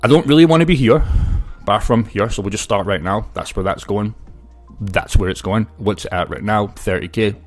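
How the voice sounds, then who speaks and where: A man's voice: fairly low pitch, moderate pace, soft background music. A man speaking casually in a video, brash and swearing as he tells stories and gives opinions. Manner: brash, swearing, lively storytelling. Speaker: crypto YouTuber. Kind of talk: casual talking-head video.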